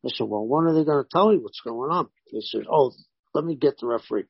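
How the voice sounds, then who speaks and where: A man, a former pro wrestler, telling animated stories in a casual interview and voicing the people in them. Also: medium pitch, fast, vocal fry, breathy edge, dry recording, highs cut off. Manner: animated anecdotes with voiced quotes.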